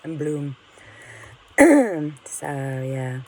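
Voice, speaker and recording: A woman's voice: sits low, very animated, drawn-out words, dark tone, rough recording. A woman venting in a candid, rambling monologue to her camera, frank and full of swearing, often laughing at herself. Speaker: vlogger.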